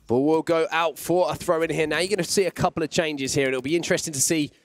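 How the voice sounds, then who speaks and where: A man giving play-by-play commentary on an esports football match, calling the action and rising with excitement at chances. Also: fairly high pitch, fast, dry recording.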